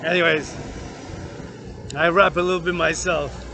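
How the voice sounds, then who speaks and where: A man's voice: on the high side, little pitch movement, a little slow, background noise. A man in his thirties, a fitness vlogger, talking in a rambling, profane monologue that jumps from topic to topic.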